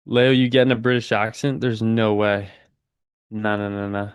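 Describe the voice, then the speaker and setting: A man's voice: lowish voice, little pitch movement, normal speed, clean tone, dry recording. A man in his twenties hosting a live trading stream, chatting with viewers and calling the market in a slangy, laid-back way. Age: 20s. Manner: slangy, laid-back, says dude a lot. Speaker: day-trading livestream host. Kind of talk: casual livestream chat with market commentary.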